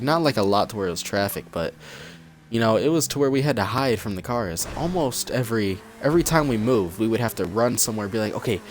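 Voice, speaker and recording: A young man casually telling a personal story on his channel, acting out what people said with lively energy. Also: medium pitch. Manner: animated storytelling, acts out quotes. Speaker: vlogger. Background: cat in the room.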